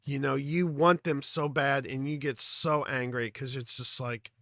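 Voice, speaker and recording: A man hosting a music reaction video, talking in an earnest, halting, reflective way, full of fillers and clearly emotional. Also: mid-range voice, steady tone, fairly bright tone, dry recording, clean studio sound. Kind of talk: casual reaction commentary.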